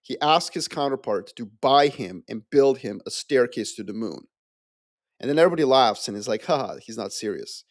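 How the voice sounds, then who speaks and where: A man, a podcast guest, explaining his view with animated storytelling and playful asides. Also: medium pitch, normal speed, dry recording, clean studio sound. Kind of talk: casual geopolitical discussion.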